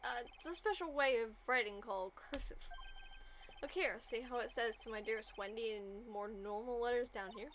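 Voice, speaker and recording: A woman's voice: on the high side, moderate pace, fairly bright tone, slight background noise, close to an everyday voice. A woman voicing a young male defense lawyer in a dry, matter-of-fact way, while reading a video game script aloud.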